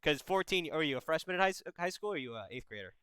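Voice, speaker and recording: A young man hosts a call-in advice stream, talking bluntly and with plenty of swearing, like an older brother. His voice is bright and smooth, a little high for a man. The recording is dry and close. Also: expressive, racing, no room sound, poor audio. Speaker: advice show host. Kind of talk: casual advice chat.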